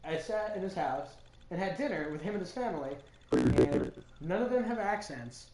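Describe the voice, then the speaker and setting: A man's voice: high voice, normal speed. A man chatting casually over a game, telling stories with lots of laughter. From none, lived all over. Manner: animated storyteller, laughs often. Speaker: co-host of a gaming playthrough. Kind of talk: casual chat over gameplay. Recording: echoey room with background noise.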